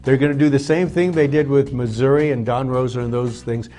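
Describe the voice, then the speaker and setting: A man hosting a casual talk show, rambling and joking with many halting restarts. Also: medium pitch, fairly even intonation, warm tone. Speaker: show host. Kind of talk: casual chat.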